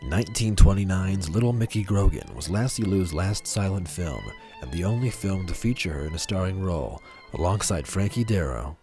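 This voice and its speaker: A man reading documentary narration in an even, measured way. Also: low-pitched, soft background music. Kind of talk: scripted narration.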